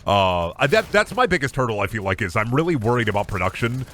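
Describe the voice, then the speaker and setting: A man's voice: mid-range voice, sing-song, fast, fairly bright tone, soft background music. A man streaming a game, chatting casually in a rambling, silly, self-deprecating way. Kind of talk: casual chat while gaming.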